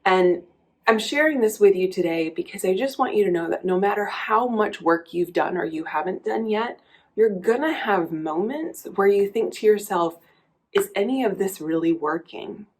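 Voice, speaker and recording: A woman's voice: medium pitch, animated, normal speed, a little mellow, breathy edge. A woman coach speaking candidly and reflectively in a personal vlog, telling a story with many small restarts. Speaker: coach and vlogger.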